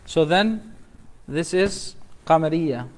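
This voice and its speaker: A man teaching a tajweed class, his voice sitting a little high and his pace slow and measured. He calls out each letter, asks the class which rule it follows, and recites the example words. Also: expressive. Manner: quizzes students letter by letter, drawn-out recitation of words.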